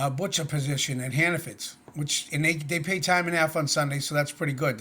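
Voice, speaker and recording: A man's voice: mid-range voice, fairly bright tone. A middle-aged man talking to camera in a casual personal vlog, earnest, plainspoken and rambling. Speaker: vlogger.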